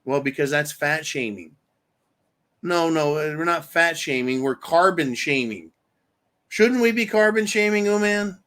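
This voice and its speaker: Slow-talking ranting male commentary host. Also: on the high side, expressive, fairly bright tone. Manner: angry, profane, reads viewer comments aloud.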